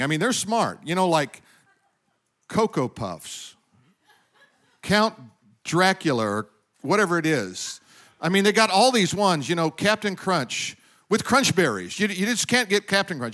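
A middle-aged man preaching a sermon as pastor, animated, often asking the congregation questions. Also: high-pitched.

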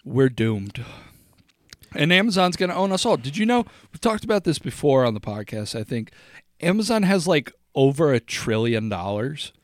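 A man's voice: on the high side, sing-song, normal speed, no echo, clean studio sound. A man co-hosting a casual podcast, rambling and joking, often laughing. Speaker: podcast co-host. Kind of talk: casual chat.

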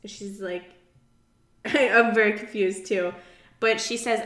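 A young woman co-hosting a casual podcast, chatty and quick to laugh, acting out quotes. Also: medium pitch, fairly even intonation, a bit bright. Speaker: podcast co-host. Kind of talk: casual chat recapping a reality show. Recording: roomy echo.

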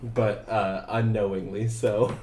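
A man's voice: lowish voice, little pitch movement, takes it slowly, a little mellow, reverberant. A man playing in a tabletop game, joking and chatting casually. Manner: joking, laughing. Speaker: player. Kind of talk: casual chat.

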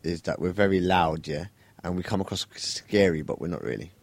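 A man's voice: low-pitched, fairly quick, creaky. A man in a casual podcast chat, teasing and laughing along.

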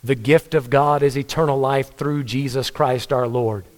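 A man's voice: mid-range voice, steady tone, moderate pace. A man, a pastor delivering an earnest, conversational sermon with stories. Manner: earnest, conversational preaching with story-telling.

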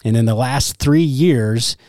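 Slightly hoarse man hosting a chat. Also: medium pitch, measured pace, no room sound, clean studio sound. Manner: laughs often, relaxed and chatty. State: slightly hoarse, recovering from illness. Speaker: podcast host, church worship director. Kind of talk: casual podcast chat.

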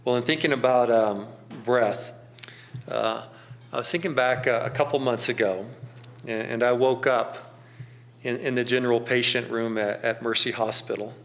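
A middle-aged man telling a personal story in a slow, gentle, contemplative way, with pauses. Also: mid-range voice, steady tone.

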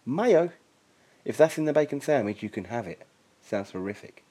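A blunt young woman survivor, as a male reader puts her on, pitched well above his own voice with a breathy edge. She asks straight questions and teases, in a storybook reading. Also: expressive, brisk, warm tone. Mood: curious, teasing.

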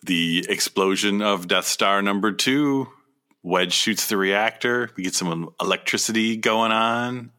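Deep, bright-voiced man chatting casually. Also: a little slow. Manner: enthusiastic, joking fan banter. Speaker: podcast co-host. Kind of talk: casual chat.

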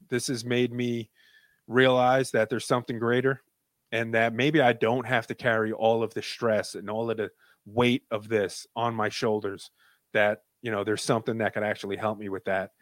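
A man as a conversation guest, telling a personal story in an earnest, heartfelt way that softens when he turns reflective. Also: mid-range voice, flat delivery, moderate pace, dry recording, clean studio sound.

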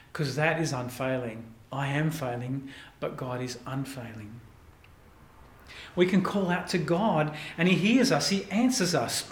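A male pastor preaching a sermon in an earnest way, often repeating words and dropping softly into prayerful lines. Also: a little high, echoey room.

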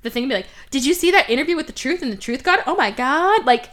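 A woman's voice: high-pitched, expressive, fast, fairly bright tone. A woman hosting a podcast, animatedly recapping a movie's plot in casual chat, acting out the characters' lines and swearing freely. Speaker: podcast host.

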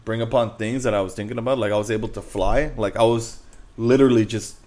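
Young man, low-ish voice, casual podcast chat, rambling, swears, says bro and dude. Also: fairly even intonation, fast, darkish tone. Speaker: podcast co-host.

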